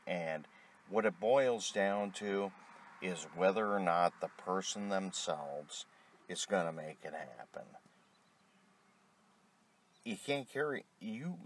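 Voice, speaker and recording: A man's voice: deep voice, a little hiss or hum. A middle-aged man delivering an angry, profane rant, blunt and tired. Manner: angry, blunt, heavy swearing.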